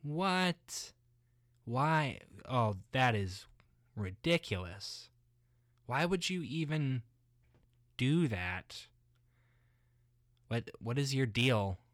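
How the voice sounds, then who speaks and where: Man doing indignant prince, high exasperated yelps, dry close sound. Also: very animated, very slow, long pauses, fairly bright tone, dry recording, exaggerated voice. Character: excited young male prince, indignant.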